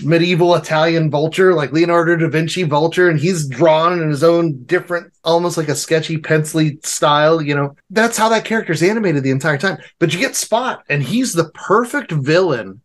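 A man co-hosting a podcast, chatting casually and effusively as he piles up praise for a film. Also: a little high. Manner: effusive, animated, piling up praise. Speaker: podcast co-host. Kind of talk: casual review chat.

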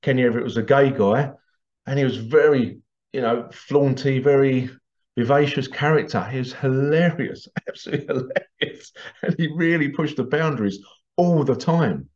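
A man's voice: medium pitch, normal speed, darkish tone. Chuckling middle-aged tradesman. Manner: rambling, chuckles often, repeats himself. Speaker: tradesman vlogger. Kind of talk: casual anecdotal monologue. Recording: slightly dull lo-fi recording.

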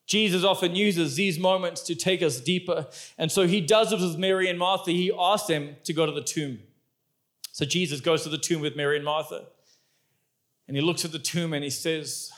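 A man preaching a sermon as pastor, animated and emphatic, chatting with the congregation. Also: fairly high pitch, normal speed.

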